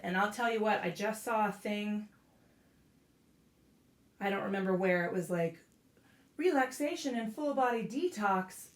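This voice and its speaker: A woman yoga instructor guiding a class out loud, casual and profane, breaking off into blunt joking rants. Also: mid-range voice, measured pace, pauses often. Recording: echoey room.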